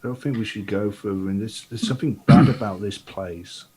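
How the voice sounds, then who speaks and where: A man's voice: fairly low pitch, a little fast, a little mellow, low-quality recording. A man speaking in character in a tabletop game, nervous and fretful. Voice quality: husky. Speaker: player.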